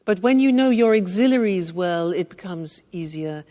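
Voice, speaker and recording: Woman teacher going slow thru an english lesson, very up-and-down voice, echoey hall sound. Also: fairly low pitch, expressive, mellow. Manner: stresses example sentences with sing-song intonation. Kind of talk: slow, deliberate language lesson.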